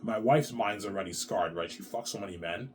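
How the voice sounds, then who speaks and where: A young man rambles through a profane monologue on his own show, peppering it with "man" and acting out quick quoted lines. His voice sits on the low side, with a faint hiss of noise behind it. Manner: quotes others in brief put-on voices. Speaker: show host.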